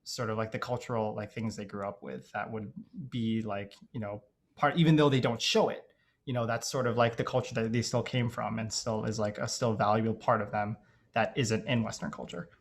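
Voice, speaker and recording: A man's voice: fairly low pitch, steady tone, brisk, creaky, a little hiss or hum. A young man raised in Dubai, guest on a casual podcast interview, talking in a hesitant, reflective way full of fillers. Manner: hesitant, reflective, heavy use of "like" and "you know".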